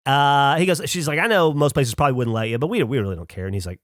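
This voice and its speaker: A man's voice: mid-range voice, animated, very fast, few pauses, no room sound, studio quality. A man on a podcast casually telling a long anecdote, acting out the people he quotes in a raised voice. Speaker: podcast host. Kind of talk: casual storytelling chat.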